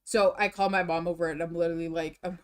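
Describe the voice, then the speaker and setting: A young woman streams to her viewers in loose, rambling casual chat. She restarts her sentences often and swings between worn-out and excited. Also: lowish voice, racing, clean tone.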